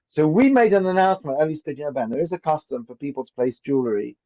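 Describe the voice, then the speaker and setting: A man's voice: a little high, animated, fast talker, warm tone. A man teaching an informal Torah class as a rabbi, chatty and anecdotal, often asking "right?". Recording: dull lo-fi recording.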